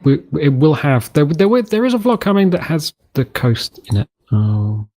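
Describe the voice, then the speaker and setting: A man's voice: on the high side, big pitch swings, normal speed, a little mellow. British guy rambling through a survival game let's play, chatty, keeps restarting sentences. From United Kingdom. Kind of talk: casual gameplay commentary.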